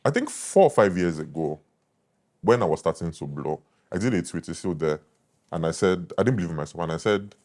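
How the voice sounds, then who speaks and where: Very deep-voiced confident Nigerian man. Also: fairly quick, a little mellow. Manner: confident, boastful, emphatic. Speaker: food critic guest. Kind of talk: casual interview talk.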